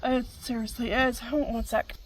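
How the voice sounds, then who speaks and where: A woman's voice: a little high, level tone, moderate pace, poor audio. A middle-aged woman, hosting a casual chat, rambling with many fillers and frequent laughter. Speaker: vlog host.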